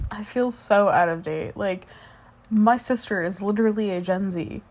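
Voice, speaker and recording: A woman's voice: medium pitch, a little slow, darkish tone, close to an everyday voice. A woman playing a sleepy rambling fiancée. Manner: rambling, sleepy and chatty, with yawns and laughs. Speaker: fiancée talking to the listener. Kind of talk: whispered role-play.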